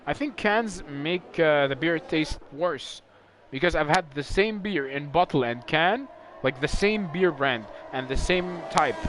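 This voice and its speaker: A man commentating a racing league live, excitable and chatty. His voice sits fairly high and swings widely as he rambles and trips over his words. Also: unhurried, few pauses, a little hiss or hum.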